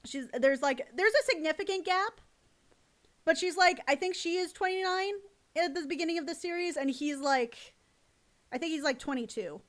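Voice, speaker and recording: High-voiced gushing woman streamer. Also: normal speed, a bit bright. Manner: rambling and gushing, swears, reads out chat. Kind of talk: casual live-stream chat.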